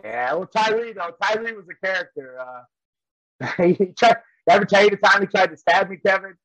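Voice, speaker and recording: A man's voice: high-pitched, normal speed, fairly bright tone, no room sound, low-quality recording. A man and former wrestler telling rambling stories in casual chat, often laughing as he goes. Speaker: professional wrestler and trainer.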